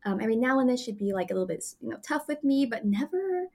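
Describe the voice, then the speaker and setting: A woman's voice: fairly high pitch, very animated, fast, darkish tone. A woman in her twenties, an actress guest, telling stories in a chatty, laughing way full of fillers. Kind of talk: casual interview chat.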